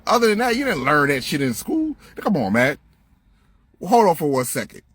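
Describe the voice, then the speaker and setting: A man's voice: on the high side, big pitch swings, normal speed, fairly bright tone, slightly rough, no echo. A man ranting on a livestream into a phone, blunt, profane and preachy, repeating himself to press his point. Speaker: livestream host. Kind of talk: heated livestream rant.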